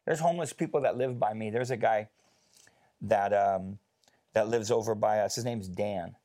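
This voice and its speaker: A man telling a personal story in a casual faith discussion, chatty and animated, with many fillers. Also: on the low side, normal speed.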